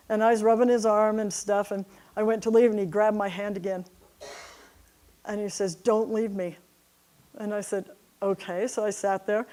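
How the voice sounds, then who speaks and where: A woman's voice: medium pitch, darkish tone. Chatty woman telling stories at church. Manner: chatty, laughs often. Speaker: church speaker. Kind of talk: personal storytelling to a congregation. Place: church service.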